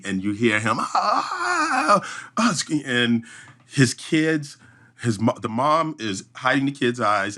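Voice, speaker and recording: A man with a bright, forward tone and a middle pitch recounts a story in conversation. He talks in an animated way, restarts his sentences often and hums sound effects along the way. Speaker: event emcee and podcast guest.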